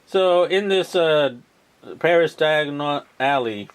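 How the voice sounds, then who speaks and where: A man's voice: fairly high pitch, slow, clean tone. A man casually retelling a film plot, rambling with lots of ums and uhs and the odd swear word. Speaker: vlogger.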